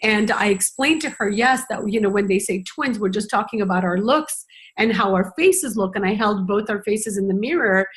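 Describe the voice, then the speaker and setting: A middle-aged woman talks at a conference as a parenting educator, keeping it conversational, earnest, and reflective, with frequent "you know" fillers. She has a medium pitch and speaks at a normal speed.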